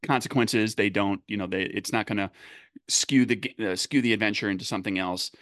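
A man with a lowish voice talks game design in loose, halting sentences, circling back and restarting as he thinks. The sound is dry and close, with no room around it. He keeps it conversational, like a podcast chat. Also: fairly bright tone, dry recording. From United States. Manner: halting, many restarts and fillers. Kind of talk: casual panel chat.

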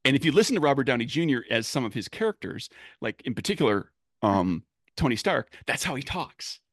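A man's voice: mid-range voice, big pitch swings, a little fast, fairly bright tone, husky, dry recording, clean studio sound. A man chatting casually about tabletop game characters, rambling with many fillers and restarts. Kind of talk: casual podcast chat.

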